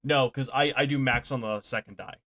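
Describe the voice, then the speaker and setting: A man's voice: mid-range voice, fairly quick, fairly bright tone. A man running a tabletop game as dungeon master, talking casually, laughing and swearing a little.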